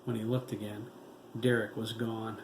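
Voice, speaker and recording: A man reading his own horror novel aloud in a slow, dramatic storytelling manner. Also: lowish voice, little pitch movement. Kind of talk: audiobook narration. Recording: echoey room with faint background noise.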